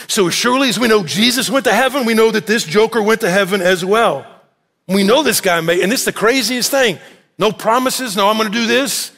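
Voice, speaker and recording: A man preaching a sermon as pastor, telling the story with animated acted-out voices. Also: high-pitched, brisk, slightly rough. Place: church sanctuary. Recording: echoey church hall.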